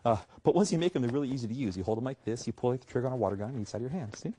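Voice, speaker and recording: A man's voice: medium pitch, lively intonation, racing, warm tone, husky. A man doing comic stage patter as a magician, playful and chuckling between jokes.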